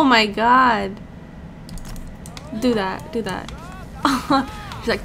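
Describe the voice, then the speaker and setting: A young woman giving casual commentary over a life-sim game, chatty and easily excited, talking to the characters on screen. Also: on the high side, extremely slow, long pauses, over music. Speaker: let's play commentator.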